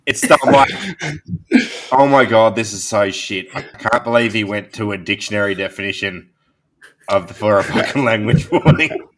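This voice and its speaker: Lower-voiced dry co-host. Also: male voice, normal speed, fairly bright tone. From Australia. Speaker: podcast co-host. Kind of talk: casual podcast chat.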